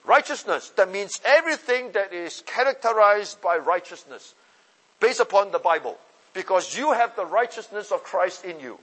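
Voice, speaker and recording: High-voiced emphatic preacher in a hall. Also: male voice, animated, normal speed. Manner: emphatic, repeats phrases, swings from loud to soft. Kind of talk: sermon.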